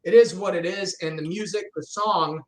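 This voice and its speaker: Give me an animated male comedian from the US in casual podcast chat. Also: high voice, normal speed, rough recording. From United States. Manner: animated, acts out his father's voice. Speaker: guest comedian.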